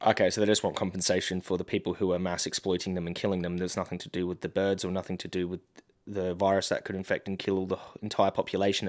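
A man reacting to political clips with sarcastic, mocking and indignant commentary. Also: low-pitched. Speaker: activist commentator.

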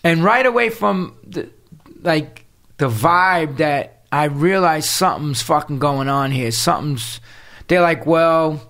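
A man's voice: fairly high pitch, expressive, measured pace, gravelly, fairly bright tone. A man, a guest telling a story in casual conversation, streetwise and full of cursing, acting out the people he quotes. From New York City.

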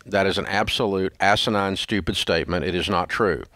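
A man's voice: sits low, a little fast, a bit bright, dry recording, studio quality. A male radio host giving blunt money advice in an emphatic, scolding, repetitive way. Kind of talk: blunt call-in advice talk.

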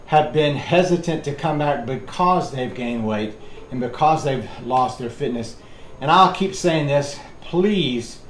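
A middle-aged man, a fitness instructor rambling and counting reps as he leads a workout class. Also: a little high. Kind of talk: leading a workout class with chat. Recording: echoey room with background noise.

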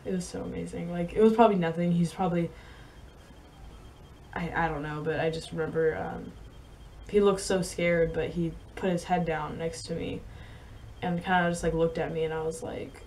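A woman's voice: fairly low pitch, fairly even intonation, a little hiss or hum. Young woman rambling through a story. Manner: rambling, halting, with many fillers and soft laughs. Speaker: vlogger and horse rider. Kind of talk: casual storytelling to camera.

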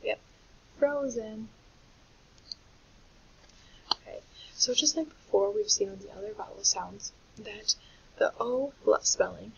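Gravelly patient teacher woman. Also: fairly high pitch, a bit bright. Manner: patient, clear explaining teacher voice. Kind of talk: recorded phonics lesson for children. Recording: dull lo-fi audio with faint hiss.

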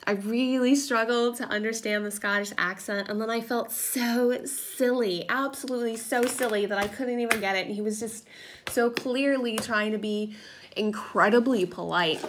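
A woman's voice: fairly high pitch, normal speed, slight background noise. Woman in her 30s just chatting away at home while crafting, lots of ums and likes, camera propped on the table. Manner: chatty storytelling with fillers. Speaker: crafting vlogger. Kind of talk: casual chat while crafting.

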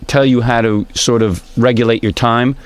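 A man's voice: medium pitch, steady tone, normal speed, no echo. A man hosting a radio show, commanding and sarcastic as he settles a staff argument. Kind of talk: studio talk radio banter.

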